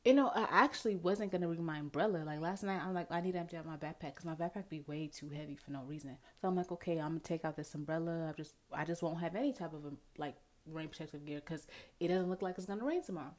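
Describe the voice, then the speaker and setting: A young woman vlogger telling a casual storytime to her viewers, animated and chatty, talking to them directly and acting out her own thoughts. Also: low voice, quick pace. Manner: dramatic asides and quoted self-talk. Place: indoors at home, near a window with rain outside.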